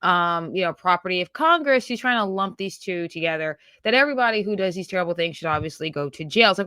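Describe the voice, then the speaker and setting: A woman with a fairly low voice hosts a political commentary show and reacts to a clip she plays. She talks bluntly and with open scorn. Her voice is recorded close and dry, with no room sound. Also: animated, brisk, sharp tone, dry recording.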